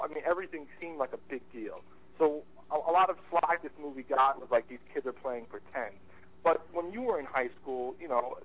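A man's voice: a little high, fairly bright tone, slightly rough. A man talks films with friends in casual chat, full of enthusiasm and stumbling over his words as he restarts sentences. The recording sounds a little dull and lo-fi. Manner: enthusiastic, halting with many restarts. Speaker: podcast co-host, movie reviewer.

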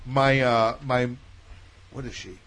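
A man bantering on a podcast, loud and mocking. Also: medium pitch, steady tone, slow, a little hiss or hum. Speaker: podcast co-host. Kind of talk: casual banter.

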